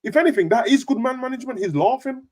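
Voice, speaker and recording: A young man, hosting a casual football chat with animated, slangy banter. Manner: animated, slangy, rapid banter with big pitch jumps. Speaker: football podcast host.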